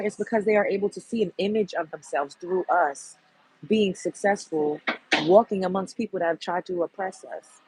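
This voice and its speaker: A woman's voice: lowish voice, darkish tone, husky, rough recording. A woman hosting a livestream, giving a blunt, heated and profane commentary rant to her viewers. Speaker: livestream host.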